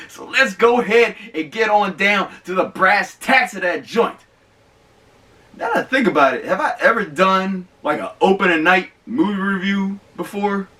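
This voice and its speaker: High lively guy doing his movie review vlog, slangy and emphatic, mic a bit far off. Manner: animated and emphatic, slangy, stretches words for emphasis. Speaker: host of a movie review show.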